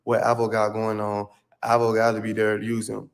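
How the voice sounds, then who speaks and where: A man's voice: on the low side, completely flat delivery, a little fast, gravelly. A man rambling through a personal story on a livestream, slangy and repetitive, played back as a clip. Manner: rambling, slangy, repeats himself.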